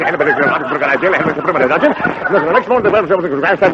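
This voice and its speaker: A man announcing on an old radio comedy show, with a hearty, brisk delivery. He talks very quickly and tumbles through his lines. The broadcast sounds muffled, under a steady hiss. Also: a little high, a loud crowd. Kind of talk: 1940s radio comedy and ad reading.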